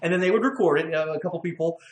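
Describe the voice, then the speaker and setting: High-voiced, fast-talking male host. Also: roomy sound. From Western Pennsylvania. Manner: upbeat, chatty, laughs often. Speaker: podcast host. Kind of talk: casual bar-talk webcast. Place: bar.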